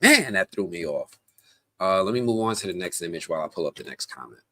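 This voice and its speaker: A man hosting a casual live stream, chatty and animated, talking straight to his viewers with plenty of slang, fillers and restarts. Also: deep voice, quick pace. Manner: slangy, addresses viewers directly.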